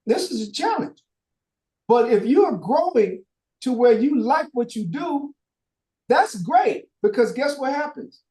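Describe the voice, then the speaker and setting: A man leads a Bible study in an echoey room, preaching loosely in street slang with the odd curse. He keeps quizzing his listeners with rhetorical questions, and his voice has a mellow, darker tone. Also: very high voice, sing-song, measured pace. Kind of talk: informal preaching Q&A.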